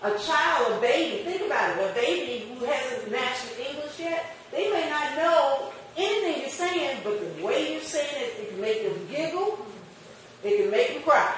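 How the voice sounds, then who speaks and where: A woman's voice: sits high, measured pace, slight background noise. A woman teaching a marketing class, questioning her students and acting out little customer scenes. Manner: lively, questions the class and acts out customer exchanges. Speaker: marketing instructor. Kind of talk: classroom lecture. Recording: echoey room picked up from a distance.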